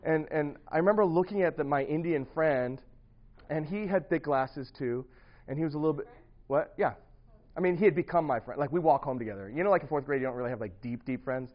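A young man who grew up partly in the US Midwest tells a small group a long personal story, rambling, restarting often and breaking into laughter. His voice is a little high and fairly quick, and the recording's highs are cut off.

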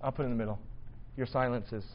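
A man's voice: medium pitch, steady tone, fast talker, muffled recording. A man preaching in a church, casual and self-deprecating, talking to his congregation. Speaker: pastor. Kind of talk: sermon. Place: church hall.

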